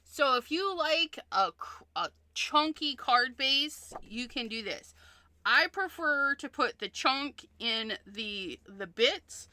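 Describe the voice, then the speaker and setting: A woman's voice: on the high side, bright, forceful tone. A woman hosting a card-making livestream in a casual demonstration, chatty and thinking aloud, often repeating herself.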